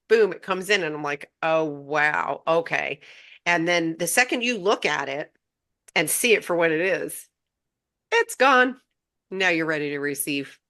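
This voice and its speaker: A reflective woman co-hosting a spiritual talk, affirming the others and adding playful asides. Her voice is very low yet bright and forceful in tone. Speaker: podcast co-host. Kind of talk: casual spiritual chat.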